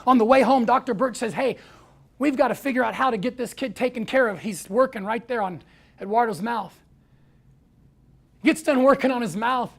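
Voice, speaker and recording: A man telling a story to an audience, acting out the quoted voices with lively energy. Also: very high-pitched, moderate pace, creaky, pauses often. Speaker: speaker.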